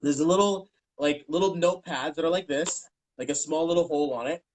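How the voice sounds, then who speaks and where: A man's voice: a little high, fairly quick, low-quality recording. Frank, rambling man in his thirties. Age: 30s. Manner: rambling and frank, acting out quoted dialogue. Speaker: interview guest. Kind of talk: candid personal storytelling.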